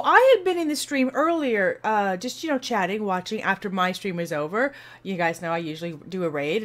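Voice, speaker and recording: A woman streamer chats to her viewers and tells a long, rambling story. She acts out the voices as she goes, with lots of fillers and restarts, in a casual, animated way. Her voice sits at a middle pitch for a woman. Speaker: streamer and video host.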